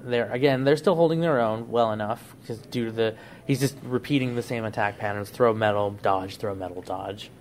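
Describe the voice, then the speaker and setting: A man's voice: lowish voice, normal speed, a little hiss or hum. A man on a podcast, casually laying out a plot idea in a rambling way. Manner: rambling storyteller, frequent restarts and "like". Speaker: podcast co-host.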